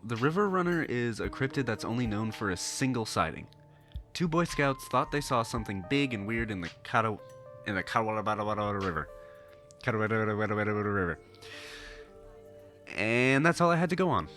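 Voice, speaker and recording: A man's voice: lowish voice, expressive, moderate pace, fairly bright tone, faint music behind. A man voicing a young woman who hunts cryptids for online videos, upbeat and chatty, reading game dialogue. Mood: eager. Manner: chipper, chatty, eager.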